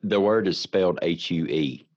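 A man co-hosting a casual podcast among friends, joking crudely and sometimes drawing his words out slowly. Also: low voice, darkish tone. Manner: crude joking, slow drawn-out delivery when clowning. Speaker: podcast co-host. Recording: muffled lo-fi audio.

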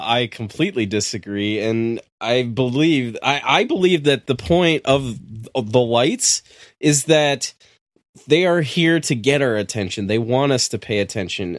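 A man's voice: mid-range voice, no room sound, studio quality. A man hosting a podcast who argues his view hesitantly and often restarts his sentences. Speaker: podcast host. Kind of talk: casual podcast chat.

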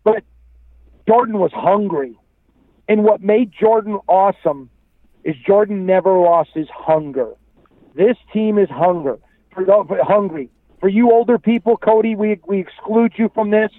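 A man's voice: high-pitched, measured pace, no room sound. A man giving a fired-up sports commentary as a guest, talking in punchy, preachy commands. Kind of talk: fired-up fan pep talk. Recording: dry tinny phone line.

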